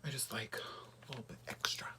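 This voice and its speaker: A man chatting casually through a makeup tutorial, often dropping to a soft half-whisper while he works. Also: mid-range voice, big pitch swings, normal speed. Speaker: beauty vlogger.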